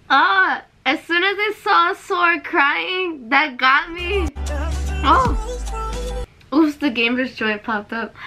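A woman's voice: high-pitched, takes it slowly, sharp tone. A young woman reacting to a game trailer in a vlog, exclaiming and tearful. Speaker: video reactor. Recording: trailer music playing behind.

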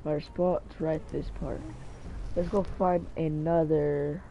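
Young guy gaming commentary, excitable, slightly high voice, faint background noise. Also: slow, creaky, dull audio. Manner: excitable, mild swearing, talks to himself. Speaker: gaming channel host. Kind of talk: live gameplay commentary.

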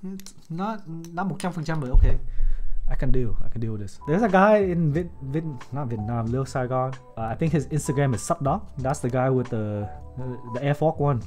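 Excitable, foul-mouthed man streaming a build. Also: mid-range voice, normal speed, faint music behind. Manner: excitable, profane, joking, talks to chat. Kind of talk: casual livestream commentary while building.

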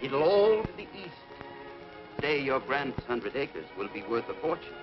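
A man's voice: mid-range voice, big pitch swings, moderate pace, over music, lightly acted. An actor playing a blustery stubborn father. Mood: earnest. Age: middle-aged. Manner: blustery, fussing, comic exasperation. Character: stubborn middle-aged family man obsessed with land. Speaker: father and husband. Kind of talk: 1940s film comedy acting. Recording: dull 1940s film soundtrack with faint hiss.

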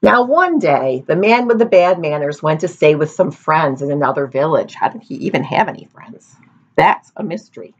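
A woman reads a children's storybook aloud, slipping in playful asides. Her voice sits a little low but moves a lot. The recording is dull and lo-fi. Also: expressive, normal speed, husky.

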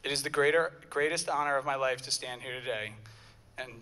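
A man's voice: mid-range voice, brisk, sharp tone. A young man, the groom, reading earnest wedding vows at his ceremony. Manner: earnest, a bit nervous, stumbles once.

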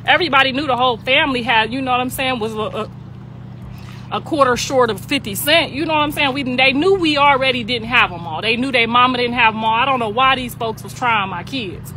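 A middle-aged mother telling a long family story in a casual, laughing way, slipping in quick acted-out voices. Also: high voice, a little hiss or hum. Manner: animated, laughing, slangy, acts out voices.

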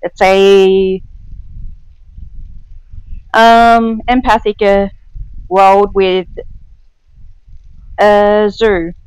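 Guy as a no-nonsense lady instructor, high smooth voice, dry sound. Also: level tone, very slow, long pauses, no room sound, poor audio. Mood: matter-of-fact. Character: female Starfleet instructor, brisk and firm.

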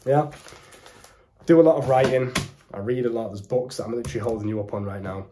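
A young man with a British accent giving direct-to-camera dating advice in an emphatic, deliberate, preachy way. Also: medium pitch, steady tone, mellow, a little hiss or hum. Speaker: dating coach.

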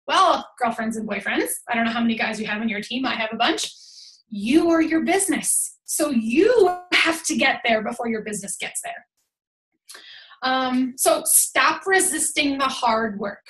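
A woman coaching her team over a call, energetic and emphatic, chatty with lots of "like"s. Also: a little high, moderate pace, reverberant. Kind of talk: motivational team call talk. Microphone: call audio.

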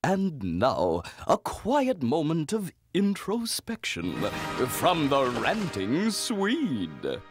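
A man's voice: on the high side, wildly swooping pitch, drawn-out words, over music, full character voice. A man voicing a showman cartoon host who introduces the acts in an emcee manner. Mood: showy. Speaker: show host.

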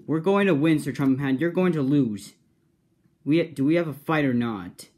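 A man voicing a brave young male engine who leads his team, shouting excited commands. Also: on the high side, moderate pace, breathy edge, voice pushed up. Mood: defiant.

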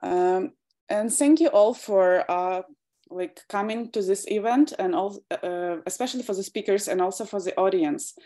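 Mellow-voiced woman hosting a webinar. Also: medium pitch, moderate pace. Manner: friendly, hesitant, many fillers. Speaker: webinar host. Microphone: computer mic on video call.

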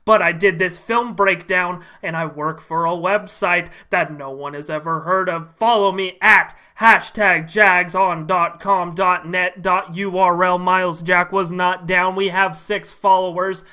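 A man playing a self-proclaimed male expert fan plugging his tiny podcast in a boastful sales pitch. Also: steady tone, a little slow, hardly any pauses, sharp tone.

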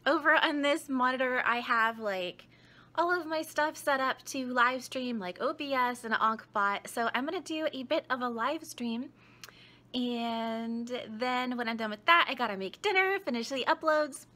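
A woman's voice: high-pitched, unhurried, sharp tone. A young woman with a cold, chatting in a bubbly, giggly way as she vlogs at home. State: has a cold. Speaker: vlogger and streamer. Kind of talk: casual vlog chat. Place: home kitchen and computer desk.

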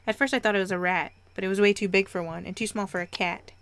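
Expressive young woman reading a visual novel. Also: mid-range voice, quick pace, few pauses, a little hiss or hum. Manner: expressive, reads narration and reacts with excited squeals. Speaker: let's play host.

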